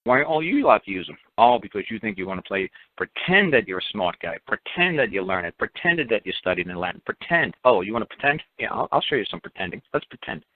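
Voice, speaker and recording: With a low voice, big pitch swings, and a fast, nearly pauseless delivery, a man hosts a call-in radio show. He's blunt and emphatic, repeats himself, and throws in scornful asides over dry phone-line audio.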